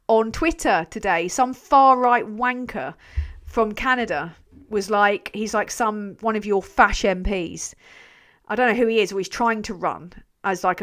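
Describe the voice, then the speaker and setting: A woman's voice: mid-range voice, a bit bright. A woman hosting a casual live stream, reading out viewer comments in a rambling, self-mocking way, swearing freely and trailing off mid-sentence. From England. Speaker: channel host.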